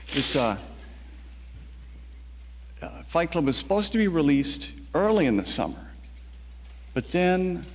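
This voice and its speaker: A man's voice: mid-range voice, slight background noise. Male novelist, mid-range voice, reflective storytelling with hesitant restarts; reverberant room. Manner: measured, quiet, with frequent halting restarts.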